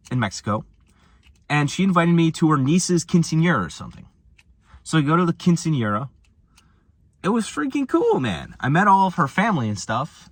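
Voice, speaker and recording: A young American man telling travel stories and ranting about boredom in a loose, slangy vlog style. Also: no echo. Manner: animated, slangy, swings from low mumbles to high exclamations. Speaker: vlogger. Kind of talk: casual storytelling rant.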